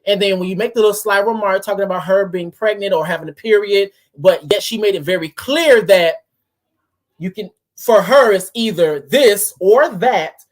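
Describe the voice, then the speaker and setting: A woman's voice: mid-range voice, normal speed. Woman reaction host, analytical, mid-range voice, calls out wording point by point. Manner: analytical, picks apart tone and wording. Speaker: reaction commentator. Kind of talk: reaction commentary.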